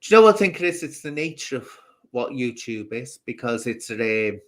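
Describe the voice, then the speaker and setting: Man, scouse accent with southern irish mixed in, casual live-stream host, rambling, chatting with viewers, middle-pitched voice. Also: sing-song, fairly quick. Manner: rambling, reads out and answers chat comments.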